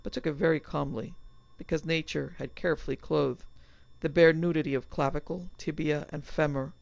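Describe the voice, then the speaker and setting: Gravelly woman narrating a horror story. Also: deep voice, fairly even intonation, normal speed, darkish tone, no room sound. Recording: slightly dull, dry recording.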